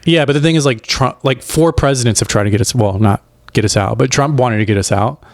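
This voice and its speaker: A man's voice: medium pitch, no room sound. A man on a podcast, arguing his points bluntly in casual chat, with plenty of swearing. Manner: argumentative, quick and blunt with profanity. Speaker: podcast co-host.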